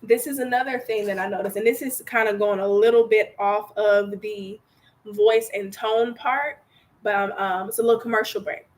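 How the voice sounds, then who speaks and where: A woman's voice: mid-range voice, fairly even intonation, normal speed. A young woman hosting a live online workshop, chatty and playful, who laughs often and acts out quoted lines in little voices. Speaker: workshop host.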